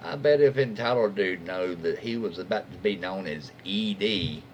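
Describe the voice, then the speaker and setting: A man's voice: deep voice, normal speed, darkish tone, slight background noise. A man reading online stories aloud in a casual way, stopping for chatty asides and reactions. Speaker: reddit story reader.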